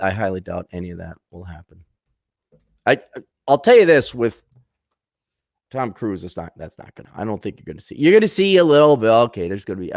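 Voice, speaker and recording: A man's voice: on the low side, dry recording, clean studio sound. A man giving ranting commentary in a blunt, sarcastic, mocking manner.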